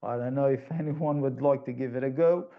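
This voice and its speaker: A man's voice: medium pitch, fairly quick, phone-quality sound. A man giving a webinar presentation, explaining at length with frequent restarts over a video call. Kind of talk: online presentation talk.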